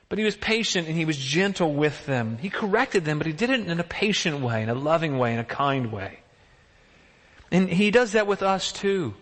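A man gives a sermon in a church sanctuary, speaking in a fairly high voice. He keeps it conversational and asks his listeners many rhetorical questions. A long reverb hangs on his words. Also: animated, brisk, a bit bright. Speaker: pastor.

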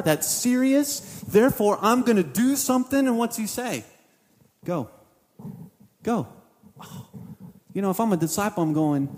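A man's voice: sits high, animated, normal speed, darkish tone, big-room sound. A man preaching a sermon as pastor, casual and conversational, voicing what the disciples might have thought.

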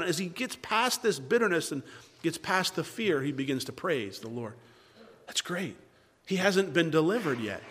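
A man preaching a sermon at a Bible study, earnest, with dramatic pauses and restarts. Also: fairly high pitch. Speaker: pastor leading a Bible study. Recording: long hall reverb.

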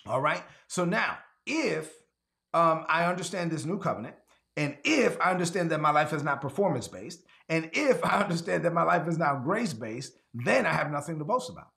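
A man's voice: fairly high pitch, sing-song, a little fast, creaky, sharp tone. A man preaching an online sermon, repeating key phrases and asking listeners to answer in the chat, sometimes acting out voices he quotes. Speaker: pastor.

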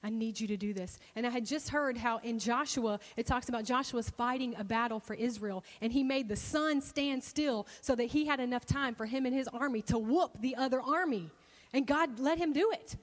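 High-voiced woman preaching in a reverberant hall. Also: moderate pace. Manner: animated, expressive storytelling with bursts of excitement. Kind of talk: sermon storytelling.

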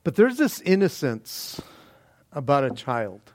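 A pastor preaching a sermon, animated and conversational, with frequent restarts and chuckles. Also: male voice, medium pitch, measured pace, no echo, clean studio sound. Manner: animated, stumbling restarts, laughs often.

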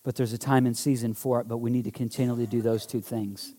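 A man's voice: mid-range voice, level tone, fast, mellow. A male pastor preaching a sermon. He builds to fervent, emphatic repetition and leads the congregation in call-and-response.

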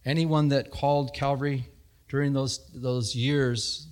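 A middle-aged man preaching a sermon, telling stories with animated energy and laughter. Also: a little slow. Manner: animated storytelling, laughing, rising to high emphatic peaks. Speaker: pastor.

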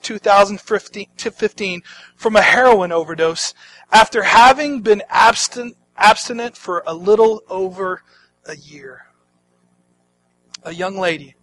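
Male pastor, sermon, dramatic delivery, high voice. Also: rough recording. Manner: dramatic, swings from hushed to loud.

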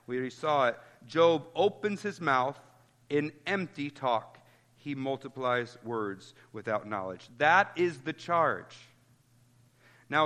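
Bright-voiced man preaching a sermon. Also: on the high side, long reverb tail. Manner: earnest expository preaching, citing chapter and verse. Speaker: pastor.

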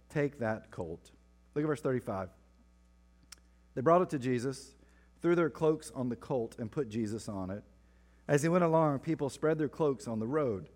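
A man preaching a sermon, reading scripture and breaking off for playful asides. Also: mid-range voice. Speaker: pastor. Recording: long reverb of a large hall.

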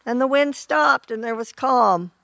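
A woman preaching a sermon in an earnest, unhurried way, often clearing her throat. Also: fairly high pitch, fairly bright tone, no echo.

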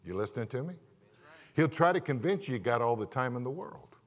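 A male pastor giving an animated sermon in church, asking the congregation questions and acting out stories. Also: medium pitch, fairly quick. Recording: long reverb of a large hall.

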